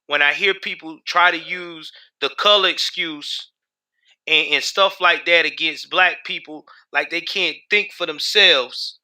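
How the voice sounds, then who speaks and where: A man's voice: on the high side, pushed and bright. A man hosting a live stream, talking back to his chat in heated, profane commentary. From United States. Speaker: livestream host.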